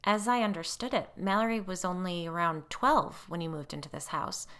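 A woman's voice: lowish voice, expressive, moderate pace, a bit bright, clean tone. A woman voicing a composed, firm church woman investigating a haunting, in a story reading.

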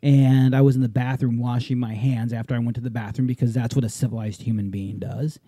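A man's voice: mid-range voice, fast talker, no echo, studio quality. A man in casual podcast chat, telling stories with lots of laughter and acted-out voices. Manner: animated, laughs often, acts out voices in stories. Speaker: podcast co-host.

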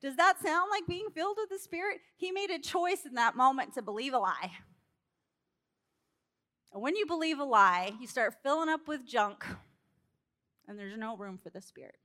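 High-voiced woman preacher, animated storyteller. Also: normal speed, pauses often. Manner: animated storytelling, acts out characters, laughs. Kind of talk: sermon.

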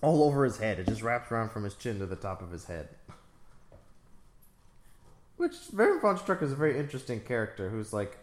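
Male co-host, casual movie riffing, expressive delivery, echoey room. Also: on the low side, brisk, long pauses, a little hiss or hum. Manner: joking, riffs into silly voices. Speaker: podcast co-host. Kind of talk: casual movie commentary chat.

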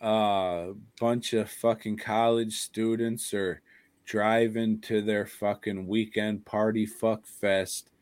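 A man's voice: fairly low pitch, little pitch movement, slow pace, a little mellow, no room sound. A man co-hosting a podcast in crude, profane, joking casual chat. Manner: profane, joking, puts on silly voices. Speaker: podcast co-host.

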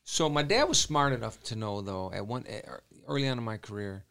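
A former boxer talks as an interview guest in a quick, gravelly, fairly low voice. He is earnest and repeats himself, restarting his sentences as he goes. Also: expressive, a bit bright. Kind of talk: emotional storytelling in a casual interview.

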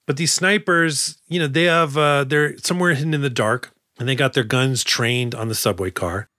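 A man's voice: mid-range voice, moderate pace, bright, forceful tone, dry recording, studio quality. Joking, profane male podcast co-host. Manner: joking, profane, recaps film scenes. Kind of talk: casual chat.

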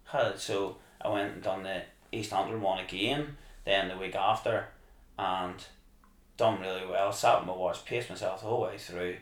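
A man telling a rambling, animated story as a podcast guest. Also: sits low, normal speed. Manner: animated, rambling, acts out his own excited shouting. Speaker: podcast guest, marathon runner. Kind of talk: casual storytelling. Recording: echoey room.

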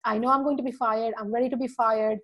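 A woman podcast guest telling an animated story, acting out quotes and laughing often. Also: a little high, fast talker. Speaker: podcast guest, marketing speaker.

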